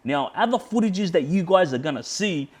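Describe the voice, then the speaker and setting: A man's voice: high voice, animated, normal speed, slightly rough. Australian man recounting a tense run-in, blunt and fired up, heavy slang and swearing. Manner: heated, swears a lot, re-enacts shouting in quotes; frequent fillers like yeah, bro, friggin'. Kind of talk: casual storytelling.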